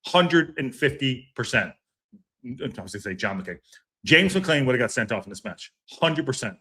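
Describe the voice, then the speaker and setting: A man's voice: mid-range voice, big pitch swings, normal speed, pushed and bright, breathy edge. A man hosting a fan reaction stream, ranting, swearing and repeating himself. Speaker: fan podcast host.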